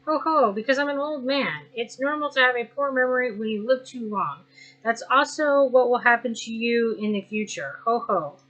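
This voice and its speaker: A woman's voice: fairly high pitch, moderate pace, a bit bright, faint music behind, lightly acted, low-quality recording. A woman voicing a jolly old male bird boss who chuckles often and rambles.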